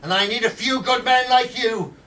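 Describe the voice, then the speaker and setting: Scheming male plotter, high and loud, pushing weapons on people, as a storyteller puts him on; distant mic, faint room hum. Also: normal speed. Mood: conspiratorial.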